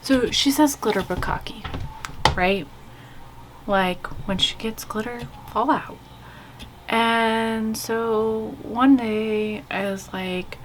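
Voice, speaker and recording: Slow-talking woman chatting through her makeup. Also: mid-range voice, slight background noise. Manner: chatty, rambling, candid, frequent "like" and "you guys". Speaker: beauty vlogger. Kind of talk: casual chat while doing makeup. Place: home with kids' video playing behind.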